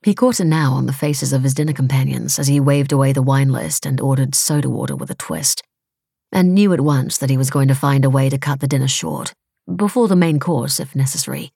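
A woman reading a novel aloud in steady, wry, measured audiobook narration. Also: rumbling low, creaky, slightly rough, dry recording, studio quality.

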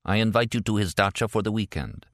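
A man reading a thin, mournful spy contact in an audiobook, mumbling low and guarded. The voice is deep-set and dry. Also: quick pace, a bit bright, no echo. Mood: conspiratorial. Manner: low, murmured.

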